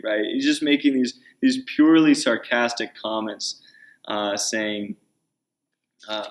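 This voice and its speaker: A man's voice: mid-range voice, slow, long pauses. A man preaching a conversational sermon, explaining scripture and paraphrasing characters in his own words. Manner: conversational Bible teaching, paraphrasing in a lively voice. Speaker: pastor.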